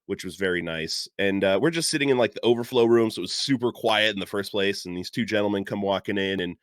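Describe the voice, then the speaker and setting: A man's voice: fairly low pitch, fast talker, no room sound, clean studio sound. A man on a podcast telling casual stories with a laugh, easily sidetracked and full of fillers. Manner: chatty anecdote telling with frequent uh fillers and laughs. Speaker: podcast guest. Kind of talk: casual chat.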